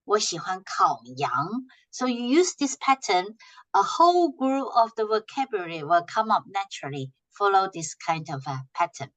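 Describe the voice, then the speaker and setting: A woman teaching a language class, patiently repeating short phrases slowly for her students to echo. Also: mid-range voice, sing-song.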